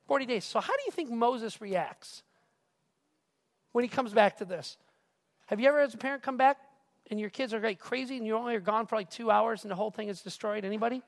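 A male pastor preaching a casual, animated sermon who keeps asking the crowd questions. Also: high-pitched, a little fast, vocal fry. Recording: reverberant hall.

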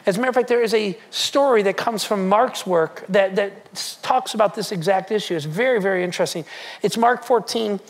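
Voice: mid-range voice, a little fast. A pastor delivering a sermon in an easy, conversational tone. The speaker keeps turning to the congregation with questions and repeats key phrases to drive them home.

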